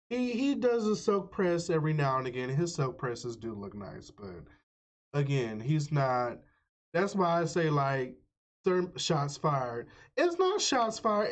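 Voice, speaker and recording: Lively, animated streamer man. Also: a little high. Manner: animated, swearing, talks to chat. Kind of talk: casual chat. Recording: dull lo-fi stream audio.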